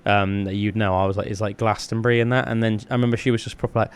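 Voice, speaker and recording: A man's voice: fairly low pitch, steady tone, rapid-fire, clear, resonant tone. A man from the South West of England, co-hosting a podcast in casual, rambling, enthusiastic chat full of fillers. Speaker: podcast co-host.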